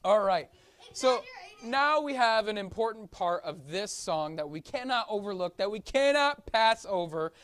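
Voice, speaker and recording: A woman teaching a children's Sunday school class, coaxing the kids, singing and shouting along with them in a church classroom. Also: mid-range voice, animated, moderate pace. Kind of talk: leading kids in song and chat.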